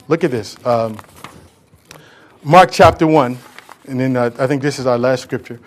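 A pastor preaching a sermon emphatically, often repeating words for stress. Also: male voice, medium pitch, normal speed, a little hiss or hum.

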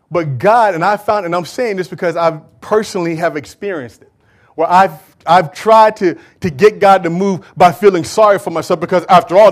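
A male preacher with a high voice tells a Bible story in a lively, conversational sermon. He swings between raised, urgent lines and hushed asides. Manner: animated storytelling, acting out biblical figures.

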